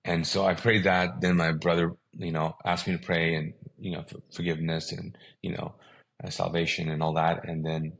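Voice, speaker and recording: A man's voice: low voice, level tone, moderate pace, creaky, a bit bright. A middle-aged man whose first language is Urdu, telling a personal story as a guest and acting out the dialogue in it.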